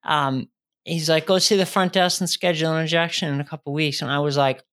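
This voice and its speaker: A man in his thirties, a guest speaker telling his own story in a podcast interview, earnest and halting with frequent restarts. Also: on the high side, fairly even intonation, fairly bright tone, clean tone.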